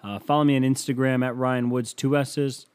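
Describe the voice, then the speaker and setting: A man talking alone on his comedy podcast in a mid-pitched voice. He rambles from one gripe to the next, sarcastic and loose, dropping swear words constantly. It sounds like casual stand-up delivered straight into the mic. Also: level tone, moderate pace, a little mellow, clear, resonant tone. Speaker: podcast host. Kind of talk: comedic solo podcast monologue.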